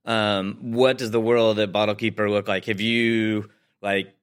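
Low-voiced joking podcast host. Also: male voice, level tone, measured pace, clear, resonant tone. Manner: joking, rambling, with many fillers. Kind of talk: conversational podcast interview.

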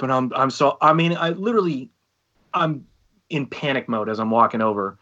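Bright-voiced man telling animated stories. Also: medium pitch, moderate pace, dull audio. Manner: animated storyteller acting out quotes. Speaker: podcast co-host and band singer. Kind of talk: casual podcast chat.

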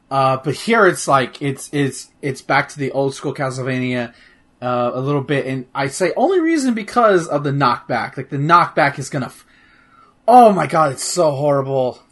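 In a loose, casual conversation, a man reviewing a video game on his podcast rambles with plenty of fillers and false starts, occasionally cursing. His voice is mid-range and a bit bright.

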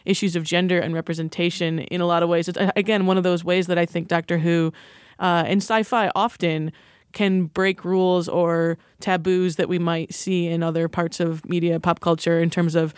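A woman's voice: fairly low pitch, flat delivery, normal speed, clean tone, dry recording, clean studio sound. A woman interviewer asking questions and affirming her guest's answers. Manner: engaged, affirming.

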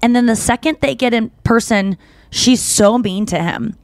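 A woman hosting a podcast, telling stories in a rambling, animated way with lots of fillers. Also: a little high, normal speed, no room sound, studio quality. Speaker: podcast host. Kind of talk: casual chat.

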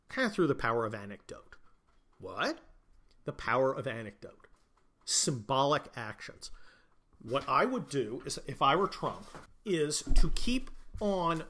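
With a voice on the high side, this man delivers blunt, crude, opinionated commentary in a casual way. He tosses in jokes and alternates between loud outbursts and mumbled comments.

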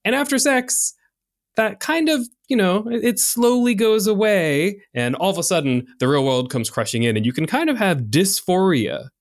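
A man's voice: high-pitched, moderate pace, no room sound, clean studio sound. A man co-hosting a podcast in casual chat, with a slightly nasal voice, rambling with lots of fillers. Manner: rambling, animated, many fillers. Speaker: podcast co-host.

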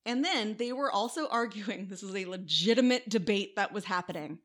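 A woman's voice: medium pitch, animated, moderate pace. A woman from the American Midwest co-hosting a podcast, telling history in a chatty way with wry asides. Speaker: podcast co-host. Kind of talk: casual history podcast chat.

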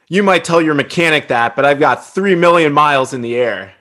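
A man's voice: on the high side, lively intonation, fairly quick, sharp tone. A man reading as a stern veteran airline captain. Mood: defensive. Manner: defensive, clipped script reading. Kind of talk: reading a film scene aloud.

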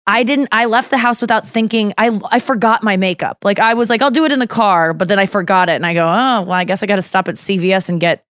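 A woman's voice: mid-range voice, fast, hardly any pauses, fairly bright tone, dry recording, studio quality. A woman co-hosting a podcast in casual chat, telling stories with lots of swearing and little acted-out quotes. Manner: chatty storyteller with frequent swearing and acted-out quotes. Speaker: podcast co-host.

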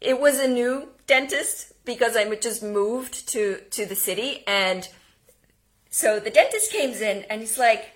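A woman giving an energetic homeschooling lesson, speaking emphatically and now and then dropping to a whisper. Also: on the high side, a little slow. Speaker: homeschooling teacher. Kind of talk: instructional talk.

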